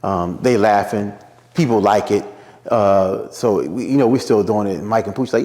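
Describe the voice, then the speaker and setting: A man's voice: fairly low pitch, moderate pace, big-room sound. A man from Philadelphia, a radio personality, telling stories in a casual interview and acting out the voices of the people he quotes. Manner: animated storyteller acting out quotes in a raised voice.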